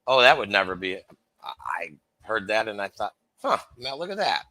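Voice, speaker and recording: A middle-aged man on a video call with a very bright, forceful voice, recorded close and dry. He tells his story in an animated way, acting out the people he quotes and swearing freely. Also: lowish voice, normal speed, no room sound, low-quality recording. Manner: animated, acts out quoted dialogue, swears casually. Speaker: guest.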